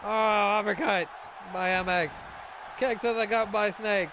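A man giving excited play-by-play commentary on a wrestling video game match, shouting at the big moves. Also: high-pitched, a little slow, background noise.

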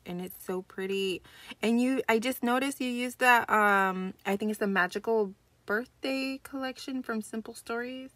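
Young woman vlogger, gushing and excitable, bright voice, chatty unboxing tone. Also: mid-range voice, normal speed, no echo. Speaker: crafting channel host. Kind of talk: casual unboxing vlog.

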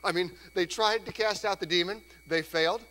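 A man preaching a sermon in a church, conversational and lively, sometimes acting out voices. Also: high-pitched, brisk. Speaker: pastor. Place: church sanctuary. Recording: church hall reverb, faint hum.

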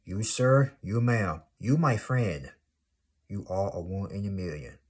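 Man, husky low voice, emphatic, repetitive, motivational vlog. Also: lively intonation, unhurried, a little mellow. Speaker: motivational vlogger.

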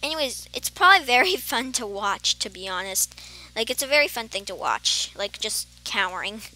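A woman's voice: a little high, very animated, normal speed, bright, forceful tone. A woman rambling through casual gameplay commentary, giggling and making playful beeping sound effects. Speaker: gamer commentating her play. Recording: faint game music behind.

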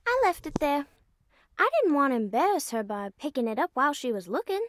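A woman's voice: sits high, big pitch swings, brisk, no room sound, studio quality. A creepy teasing little girl. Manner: sweetly mocking, oddly formal. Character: eerie needling young girl.

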